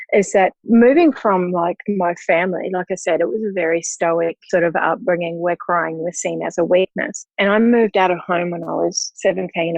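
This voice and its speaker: A woman speaks openly and reflectively as an interview guest. Her voice sits low with a gravelly fry. The audio is dry and dull, a little lo-fi. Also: no echo. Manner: open, reflective, emotional. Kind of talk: candid conversational interview.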